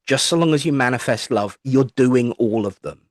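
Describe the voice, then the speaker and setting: A man's voice: medium pitch, moderate pace, no room sound, clean studio sound. An English man with a chatty, rambling way of telling stories, a spiritualist minister answering interview questions and acting out the voices of people he quotes. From England. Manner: chatty, rambling anecdotes with playful asides; acts out voices when quoting people. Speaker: guest, spiritualist minister and medium. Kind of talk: interview, storytelling.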